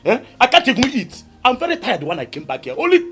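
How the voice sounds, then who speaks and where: Tired nigerian husband begging everyone to calm down, pitch all over the place. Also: male voice, fast talker, soft background music, heavily acted. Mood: exasperated. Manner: soothing, repeats calm-down pleas. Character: weary middle-aged husband pleading for family peace. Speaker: actor playing a husband and brother. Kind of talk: Nollywood film acting.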